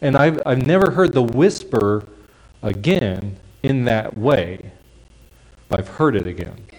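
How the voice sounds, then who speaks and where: A male preacher giving a sermon in a conversational, explanatory way, dropping into soft hushed tones for quiet phrases. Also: medium pitch, lively intonation, slow pace, poor audio. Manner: conversational, drops to a soft hush for quiet lines.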